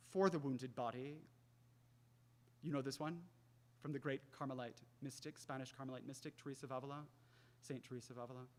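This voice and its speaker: A young man giving a faith talk, telling a personal story in an earnest way and often dropping to a soft hush. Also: medium pitch. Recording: long hall reverb.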